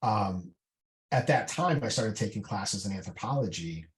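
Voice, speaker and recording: A man's voice: fairly low pitch, expressive, normal speed. A middle-aged man, a veteran guest on a podcast, telling his story in a candid, casual way with many fillers and restarts. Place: indoor podcast room.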